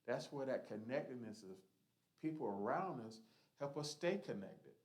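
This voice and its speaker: A man leads a church Bible study in a middle-pitched voice. He talks earnestly and with emphasis, like a conversational preacher. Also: expressive, normal speed, low-quality recording.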